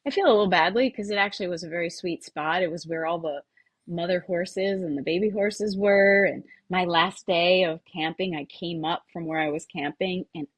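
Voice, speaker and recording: A woman's voice: fairly low pitch, moderate pace, dry recording. A middle-aged woman, a podcast guest, telling a personal story animatedly, laughing often and swearing freely. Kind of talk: casual storytelling.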